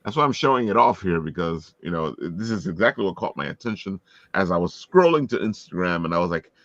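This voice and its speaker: A man's voice: deep voice, a little fast, highs cut off. A man hosting a casual talk show, chatting with lots of fillers and frequent laughs. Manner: animated, laughs often, filler-heavy. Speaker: show host. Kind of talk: casual chat.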